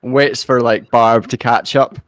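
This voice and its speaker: A man's voice: mid-range voice, fairly even intonation, unhurried, no echo, studio quality. A man playing a tabletop game, hesitantly describing his character's actions. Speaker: player.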